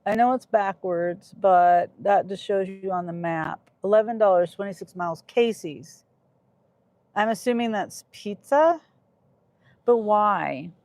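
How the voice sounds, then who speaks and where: A Kansas woman who does gig delivery driving chats on a casual livestream, reading her chat in a medium-pitched, darkish voice, taking it slowly with no room sound. She sounds irritated and short-tempered, often trailing off.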